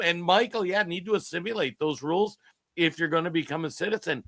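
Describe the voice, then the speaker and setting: A male podcast co-host with a bright, forceful tone, talking fast and heated in an exasperated way. His voice sits a little high, and the sound is close and dry with no room echo. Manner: emphatic, exasperated. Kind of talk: heated political podcast talk.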